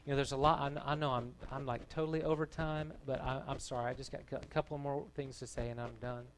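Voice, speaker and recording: A man's voice: medium pitch, steady tone, fast talker, slight background noise. A man, a pastor, delivering a sermon to his church in an earnest, conversational way. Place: church gathering.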